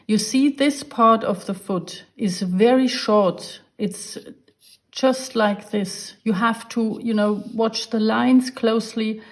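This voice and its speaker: A woman's voice: on the high side, steady tone, slow pace. A woman giving a drawing lesson, patiently explaining each step while she draws. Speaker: art teacher.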